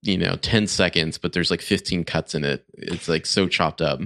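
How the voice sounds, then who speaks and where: A man's voice: sits low, moderate pace, vocal fry, fairly bright tone, dry recording, studio quality. A man co-hosting a podcast, casually picking apart a TV show in a sarcastic, rambling way with lots of filler words. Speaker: podcast co-host. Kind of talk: casual chat reviewing a TV show.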